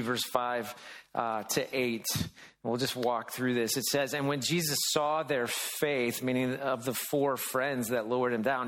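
A man preaches a sermon in a loose, conversational way, often restarting his sentences as he talks it through. His voice sits a little high for a man. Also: fairly bright tone. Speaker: pastor.

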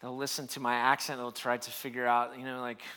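A man's voice: mid-range voice, level tone, brisk, pushed and bright, smooth. A man preaching a sermon, reading scripture and building emphasis as he explains it. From United States. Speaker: pastor.

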